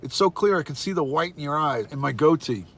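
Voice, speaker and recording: A slightly high, expressive voice comes through fairly quickly and with a fairly bright tone. It belongs to an older American retired detective streaming casually from his phone, who greets viewers by name with cheer and calls out the viewer count.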